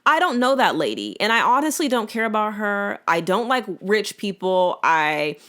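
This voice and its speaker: A woman's voice: medium pitch, normal speed. A young woman hosting a solo podcast, talking casually and opinionatedly straight to her listeners. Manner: animated, opinionated, colloquial, talks straight to listeners. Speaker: podcast host.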